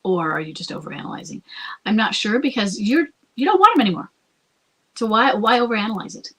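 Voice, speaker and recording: Husky woman giving advice. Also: fairly high pitch, sing-song, fast, a bit bright, poor audio. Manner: conversational, thinks aloud, sometimes drops to a whisper. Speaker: podcast host and coach. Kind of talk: advice talk answering a listener.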